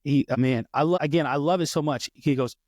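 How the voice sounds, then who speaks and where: A man's voice: fairly high pitch, a little fast, darkish tone, no echo, studio quality. A man co-hosting a faith podcast, talking with eager enthusiasm and often stopping mid-sentence to restart. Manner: enthusiastic, rambling, many restarts. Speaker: podcast co-host. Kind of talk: casual faith podcast chat.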